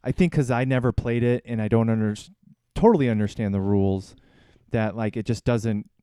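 A man's voice: mid-range voice, a little fast, dark tone, clear, resonant tone, no room sound, studio quality. A man in casual chat, joking around and asking playful questions. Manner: jokey, asks playful questions.

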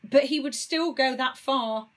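A woman in her forties co-hosting a podcast in casual chat, chatty and quick to laugh, reading bits aloud. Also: high voice. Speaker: podcast co-host.

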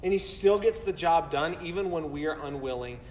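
High-voiced preacher in an echoey hall. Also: male voice, lively intonation, a little fast, darkish tone, slight background noise. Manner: earnest, repeats words when emphatic. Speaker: pastor. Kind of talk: sermon. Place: church sanctuary. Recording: roomy hall from far off.

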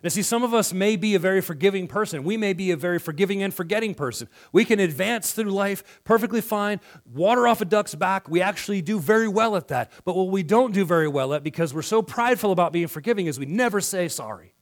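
A man preaching a sermon in a church, acting out quoted dialogue and swinging between loud passages and hushed ones. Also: high-pitched, animated, quick pace, hardly any pauses. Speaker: pastor.

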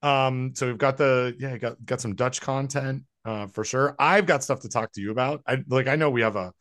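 A man's voice: mid-range voice, normal speed, fairly bright tone, no room sound. Man, podcast co-host, casual chat, rambling and self-deprecating, dry close sound. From American South.

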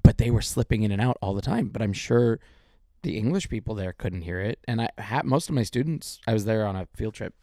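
Low gravelly guy rambling about movies, dry close mic, lots of restarts. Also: brisk, no room sound. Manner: rambling, animated, many restarts. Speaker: podcast co-host. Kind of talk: casual chat about movies.

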